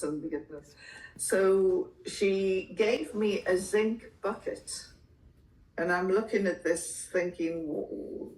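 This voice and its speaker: An older woman from England, a guest in an interview, telling her story in a slow, measured way with the odd laugh. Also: medium pitch, steady tone, roomy sound, far from the mic, poor audio.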